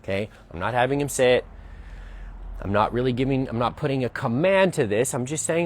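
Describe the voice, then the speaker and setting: A man's voice: mid-range voice, animated, normal speed, darkish tone. A man working as a dog trainer, explaining a training session outdoors as he goes and often checking in with "right?". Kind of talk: narrated training demonstration.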